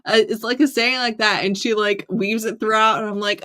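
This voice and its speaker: A woman co-hosting a casual live book discussion, animated, acting out her own reactions with plenty of likes. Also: a little high, moderate pace, hardly any pauses. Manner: animated, quotes herself, lots of likes and laughs. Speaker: co-host.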